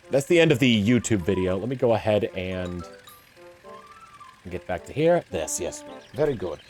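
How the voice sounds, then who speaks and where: Animated young man streaming games. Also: on the low side, moderate pace, pauses often, faint music behind. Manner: rambling, many fillers and restarts. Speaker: game streamer. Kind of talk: casual livestream chat.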